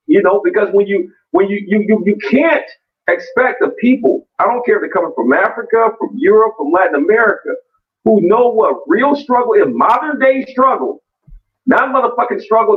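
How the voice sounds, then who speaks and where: Man, heated debater, blunt and cursing, highish voice, distant muffled call audio. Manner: profane, blunt, many restarts and fillers.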